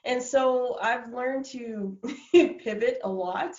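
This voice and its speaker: Woman guest, motivational speaker, animated and laughing, echoey lo-fi call audio. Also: a little high, slow. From Minnesota, USA. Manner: animated, laughs often, many restarts. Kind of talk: casual video-call interview. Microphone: video call. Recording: roomy, dull lo-fi sound.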